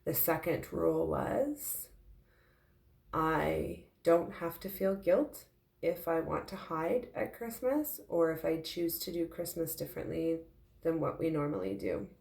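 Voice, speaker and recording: A tearful woman speaks in a heartfelt, halting way in a personal confessional vlog. Her voice sits low and has a gravelly edge. The recording sounds roomy and echoey. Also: a little mellow. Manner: heartfelt, halting, with frequent fillers. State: tearful, emotional. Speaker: intuitive medium sharing her grief.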